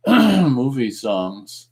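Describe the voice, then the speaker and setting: A man's voice: medium pitch, sing-song, extremely slow, darkish tone, breathy edge. A man co-hosting a casual live radio-style stream, reading viewers' comments aloud and chuckling between them. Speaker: co-host.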